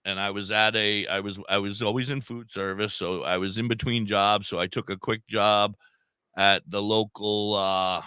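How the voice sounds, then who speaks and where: Bright, dry-voiced Long Island man rambling. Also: lowish voice, steady tone, normal speed, clean tone, no echo. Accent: Long Island New York. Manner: rambling, restarts, swears casually. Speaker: podcast co-host. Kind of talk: casual storytelling chat.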